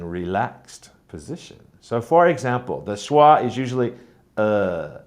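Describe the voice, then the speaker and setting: A man teaching a pronunciation lesson, speaking deliberately and modeling words and sentences aloud to show stress. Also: lowish voice, a little mellow. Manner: slow, deliberate, demonstrating stress patterns aloud. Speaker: teacher trainer.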